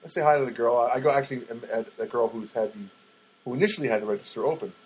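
A man with a husky, slightly rough voice tells a rambling everyday story. His delivery is chatty and wry, with loose asides and plenty of fillers. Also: medium pitch, racing, darkish tone, poor audio.

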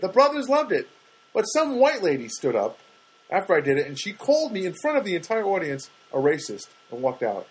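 Husky middle-aged comedian, lively delivery. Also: male voice, poor audio. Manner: animated, acts out quoted voices with big pitch jumps. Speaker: stand-up comedian. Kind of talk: rambling comedic monologue.

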